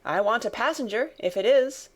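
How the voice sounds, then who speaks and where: A woman's voice: a little high, expressive, moderate pace, voice pushed up. A woman voicing a male messenger on horseback who calls out urgently. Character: male rider calling out of the mist.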